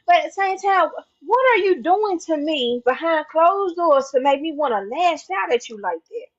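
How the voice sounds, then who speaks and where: A mother giving an impassioned spoken testimony, preacherly and repeating lines for emphasis, swinging from hushed and low to loud and high. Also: expressive, normal speed, few pauses. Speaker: mother speaking out on her own channel. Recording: dull lo-fi recording.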